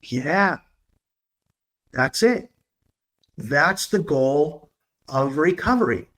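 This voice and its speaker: A man hosting his own podcast, talking through his experience in an earnest, upbeat, confiding way and slowing down on his key points. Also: a little high, expressive, fairly bright tone. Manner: earnest, upbeat, confiding, with slow emphatic stretches. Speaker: podcast host. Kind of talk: reflective solo podcast talk.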